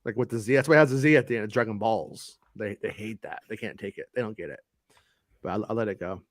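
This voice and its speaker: A man's voice: lowish voice, no room sound, clean studio sound. A man hosting a podcast, chatting casually with swearing and frequent laughs. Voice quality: swears freely, quick laughs. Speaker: podcast host. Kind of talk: casual profane banter.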